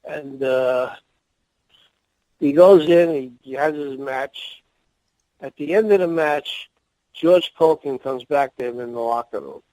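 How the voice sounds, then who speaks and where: A man's voice: medium pitch, slow pace, long pauses, dark tone, no echo, rough recording. An older man, a former wrestling manager, telling rambling anecdotes as a guest in a podcast interview. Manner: rambling anecdotes with laughs and restarts.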